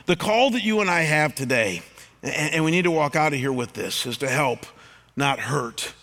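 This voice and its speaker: A man's voice: fairly high pitch, expressive, normal speed, sharp tone. A middle-aged male pastor preaching in a conversational, storytelling way, often restarting his words. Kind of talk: sermon.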